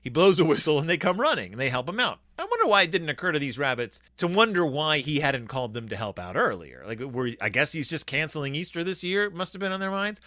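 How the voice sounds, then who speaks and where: A man's voice: fairly high pitch, very animated, fast, few pauses, sharp tone, no room sound, clean studio sound. A man hosting a podcast, chatting casually and enthusiastically about a children's book, rambling and acting out the characters. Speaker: podcast host reviewing children's books. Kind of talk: casual book review chat.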